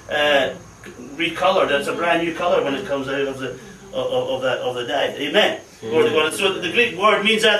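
A man preaches a fervent sermon to a congregation, sprinkling in amens and hallelujahs. His voice sits high and sounds bright. It carries from some distance off the mic and echoes through a roomy church hall.

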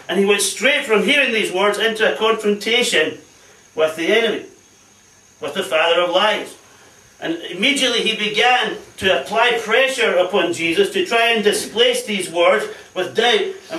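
A man's voice: sits high, sharp tone, distant mic. A man preaching a fervent sermon, calling out hallelujahs and amens along the way. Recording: echoey hall, voice off-mic.

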